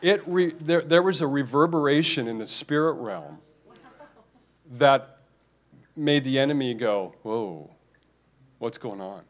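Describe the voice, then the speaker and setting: Slow-speaking male preacher. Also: a little high, expressive, a little hiss or hum. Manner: emphatic, repetitive, with restarts. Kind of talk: sermon.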